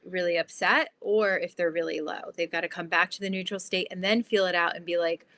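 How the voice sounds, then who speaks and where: A woman guest on an interview podcast, explaining her ideas in a lively, chatty way with lots of "like". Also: fairly low pitch, fairly quick, hardly any pauses. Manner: animated, explanatory, fillers like "like". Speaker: guest, transformation guide.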